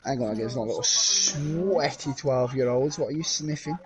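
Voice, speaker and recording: Man, mid-pitched, blunt, teasing, swears, headset gamer chat. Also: animated, normal speed, crowd noise. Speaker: co-player on stream. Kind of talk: casual chat while gaming.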